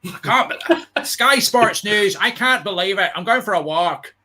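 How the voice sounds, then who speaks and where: A man's voice: sits high, animated, normal speed, pushed and bright, voice pushed up, full character voice. A man putting on a fuming adult male Geordie football fan with a Geordie accent, wailing in disbelief. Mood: distraught.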